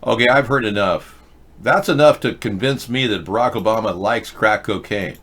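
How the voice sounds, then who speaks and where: A man's voice: on the low side, moderate pace, a bit bright. A man hosting a live-stream show, talking in a rambling, sarcastic way with frequent restarts. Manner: rambling, sarcastic, self-interrupting. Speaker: host. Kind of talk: casual live-stream commentary.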